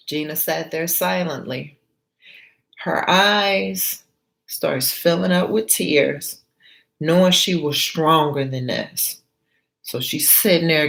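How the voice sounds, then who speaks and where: Slow, chatty woman telling a story. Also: deep voice, vocal fry. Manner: animated, chatty asides to viewers. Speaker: storyteller and motivational speaker. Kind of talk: motivational storytelling.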